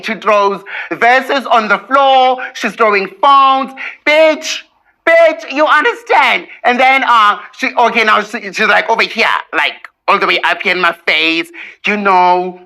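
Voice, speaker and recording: A man's voice: high voice, measured pace, bright, forceful tone, poor audio. A man recounting a personal story in a gossipy, profane way, with bursts of laughter.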